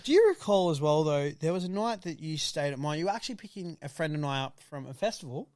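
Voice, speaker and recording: High, lively young man. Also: fast talker, no room sound. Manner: excitable, sweary, laughs often. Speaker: podcast co-host. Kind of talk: casual chat.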